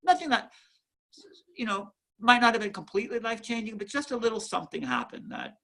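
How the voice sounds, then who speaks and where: A man who founded a museum chats in an interview at home, an animated storyteller who repeats and restarts his words. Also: very high voice, quick pace, vocal fry. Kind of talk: casual interview chat.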